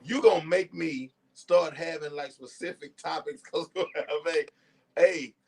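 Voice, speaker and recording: A man's voice: on the high side, a little slow, creaky, background noise. A middle-aged man hosting a casual podcast chat, telling laid-back stories and laughing easily. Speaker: podcast host.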